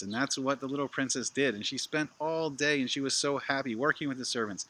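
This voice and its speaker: Bright-voiced man telling a children's story. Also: medium pitch, fairly quick, hardly any pauses. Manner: animated, playful asides to listeners.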